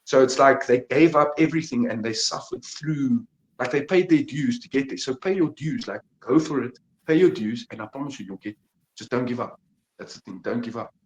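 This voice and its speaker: A young man talks in a middle-pitched voice that sits in an echoing room. He speaks emphatically, swears freely and pushes his points hard, like a fighter giving advice as a podcast guest. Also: brisk. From South Africa. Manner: emphatic, profane motivational talk. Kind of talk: casual podcast interview. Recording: echoey room.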